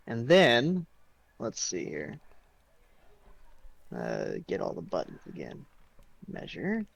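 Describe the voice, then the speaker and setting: A man's voice: lowish voice, wildly swooping pitch, slow pace, gravelly, lo-fi sound. A man playing a tabletop game who jokes, swears and talks through his moves as he goes. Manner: playful, swearing, thinking aloud. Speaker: player. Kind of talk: casual tabletop game chat.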